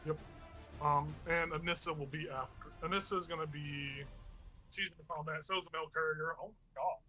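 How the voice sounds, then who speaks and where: Bright-voiced man running a tabletop game. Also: a little high, fairly even intonation, brisk, soft background music. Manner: explains rules with many fillers. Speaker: game master.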